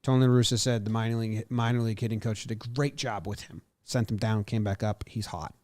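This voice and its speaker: A man's voice: fairly low pitch, quick pace, no room sound. Playful man reeling off baseball stats. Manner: animated, playful, reels off stats. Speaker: podcast co-host. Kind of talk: casual sports chat.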